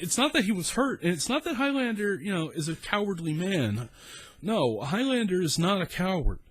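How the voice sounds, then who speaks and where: A man's voice: a little high, husky, no room sound. Profane rambling man from South Texas. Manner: profane, rambling, animated storytelling. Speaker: storyteller. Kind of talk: casual story time.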